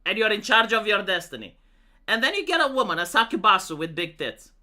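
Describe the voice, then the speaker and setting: A man's voice: high-pitched, very animated, brisk, bright, forceful tone. A man chatting casually with his livestream viewers, telling rambling stories with many restarts and swearing. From Romania. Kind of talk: casual chat to stream viewers.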